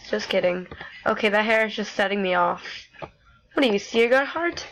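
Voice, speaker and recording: A woman's voice: medium pitch, normal speed, creaky, a bit bright, slight background noise, rough recording. A sick, congested teenage girl chatting casually while playing a dating game, self-mocking and chatty. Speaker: gamer.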